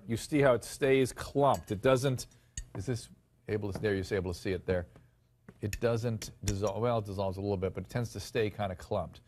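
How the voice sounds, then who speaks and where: A man hosting a news talk show, explaining things and asking his guests questions in a conversational way. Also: medium pitch.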